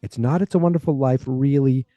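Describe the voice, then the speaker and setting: A podcast host casually recaps a sitcom episode, rambling along and jumping into a higher voice when quoting characters. His delivery is fairly even in intonation, fairly quick, and mellow, with no echo.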